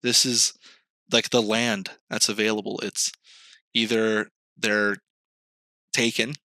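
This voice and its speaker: A young man hosting a podcast in casual chat, telling animated stories, swearing freely and acting out quoted voices in a higher pitch. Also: slow, no echo. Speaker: podcast host.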